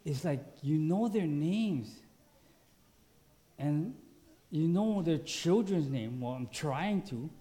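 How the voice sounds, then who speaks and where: A male pastor preaching a sermon in a lively way, acting out quoted voices. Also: a little high, takes it slowly, long pauses. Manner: animated, acts out quoted voices.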